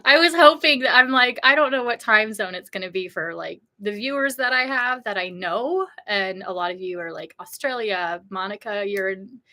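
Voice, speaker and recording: Woman in her thirties, bright and chatty beauty vlogger, casual livestream talk. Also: medium pitch, normal speed. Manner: chatty and emotional, reads viewer comments aloud.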